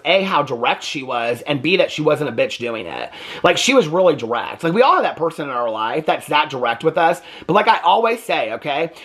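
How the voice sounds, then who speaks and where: A man's voice: fairly high pitch, a bit bright. A man hosting a chatty, opinionated recap of a reality TV show, full of "like" fillers. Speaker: TV recap host. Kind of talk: casual reality TV commentary.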